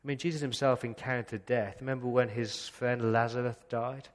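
A man preaching a sermon as pastor, earnest, slowing down to read scripture passages aloud. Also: mid-range voice, flat delivery, in a large hall. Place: church.

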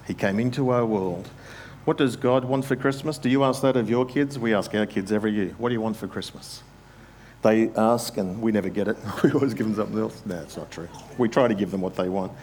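An earnest man preaching to his congregation, asking them direct questions and slowing down to stress his points. His voice sits in a mid register, with a faint hiss of noise behind it. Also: on the low side, darkish tone. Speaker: pastor. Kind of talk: sermon.

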